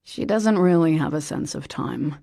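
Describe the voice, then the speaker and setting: A quiet, wry young man speaks calmly and low-key, voiced by a female narrator. The voice is low and gravelly, recorded dry and close. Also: moderate pace, no echo, heavily acted.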